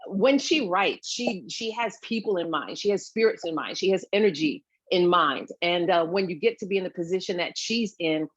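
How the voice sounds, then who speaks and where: A woman from Brooklyn chats as an interview guest, storytelling with energy and slipping into the voices of people she quotes. Her voice sits fairly low for a woman. The sound is dry and a little dull, like a lo-fi line. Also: normal speed, hardly any pauses, breathy edge, no echo. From Brooklyn, New York. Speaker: actress guest. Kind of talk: casual interview chat.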